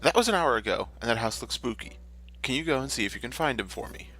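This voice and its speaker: A man's voice: mid-range voice, lively intonation, fast, fairly bright tone, soft background music. A man reading out the lines of a worried young woman looking for her lost fiancé, in his own plain voice.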